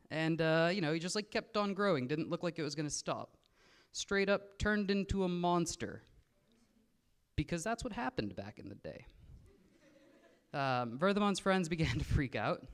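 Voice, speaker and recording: Joking young man telling stories. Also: on the high side. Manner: jokey, slangy, self-mocking asides. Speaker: convention presenter. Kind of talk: casual storytelling to a live audience. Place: convention room, in front of an audience.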